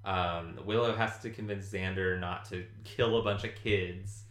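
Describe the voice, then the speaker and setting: A man's voice: low voice, steady tone, a little slow, fairly bright tone, reverberant. A man casually recapping a TV episode with a co-host, swearing and laughing often. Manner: profane, joking, laughs often. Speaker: podcast co-host.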